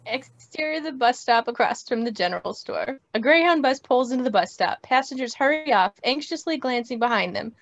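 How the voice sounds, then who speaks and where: A woman reading stage directions at a script table read, in a plain, steady way, over a video call. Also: high-pitched, a little fast, hardly any pauses. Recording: dry, muffled lo-fi audio.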